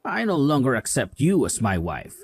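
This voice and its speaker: A man's voice: medium pitch, huge pitch swings, normal speed, husky, soft background music, full character voice. A man voicing a young husband who scolds his wife with contempt and sides with his mother in a voiced drama story. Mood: scolding.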